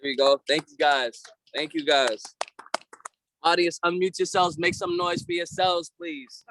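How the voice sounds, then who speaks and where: A young man from Massachusetts with a Boston accent, a featured poet and recording artist, performs rhymed spoken-word verses on a video call. He delivers them confidently and rhythmically while hyping up his audience. His voice is on the high side and a bit bright, with fairly even intonation, an unhurried pace, and no echo.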